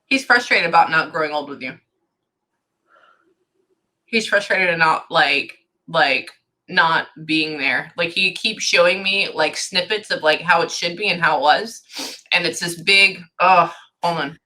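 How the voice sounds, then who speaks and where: A woman's voice: on the low side, measured pace, pushed and bright. A woman giving a psychic reading to a client, thinking aloud and stopping herself with "hang on" over and over. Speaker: psychic medium.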